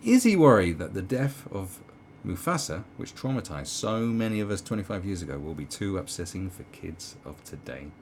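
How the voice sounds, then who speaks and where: British male vlogger, deep gravelly voice, sarcastic rant, swings his pitch all over. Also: sing-song, normal speed, few pauses, darkish tone, slight background noise. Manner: sarcastic, swearing, many ums and restarts. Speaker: commentary vlogger. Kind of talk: ranting video commentary.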